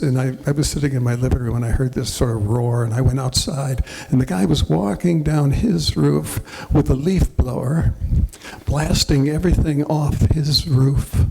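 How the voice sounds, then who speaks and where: A gravelly man from Wisconsin tells his stories to an audience in a rambling, self-correcting way. His voice carries some hall reverb and a faint background hiss. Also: medium pitch, a little mellow. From Wisconsin, USA. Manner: rambling, self-interrupting storyteller. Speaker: author. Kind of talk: casual talk to an audience.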